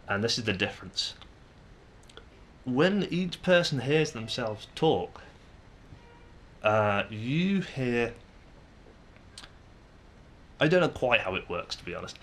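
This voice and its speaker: A man's voice: mid-range voice, fairly bright tone, a little hiss or hum. A young man with a Manchester English accent, musing aloud to camera in a casual vlog, hesitant and full of ums and restarts. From England. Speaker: vlogger.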